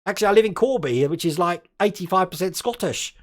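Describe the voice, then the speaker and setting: A man's voice: high-pitched, lively intonation, quick pace. A man from Australia hosting a casual live stream, chatting and laughing often and tripping over his words now and then.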